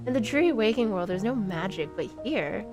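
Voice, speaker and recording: A woman's voice: medium pitch, expressive, brisk, close to an everyday voice. A woman voicing a welcoming young witch in a video game, courteous and reassuring, with game music behind her. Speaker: game character.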